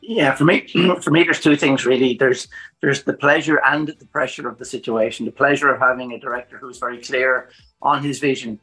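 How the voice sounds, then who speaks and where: A man, a director of photography, explaining his work at length in a thoughtful, measured way. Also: medium pitch, fairly even intonation, sharp tone, soft background music, rough recording. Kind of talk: podcast interview.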